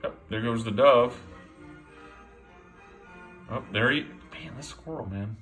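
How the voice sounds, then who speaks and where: A man's voice: medium pitch, slow pace, a bit bright, soft background music. A man casually commenting on squirrels and birds in his back yard, amused and chatty, sometimes putting words in the animals' mouths. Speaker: backyard nature vlogger. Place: home by a back yard window.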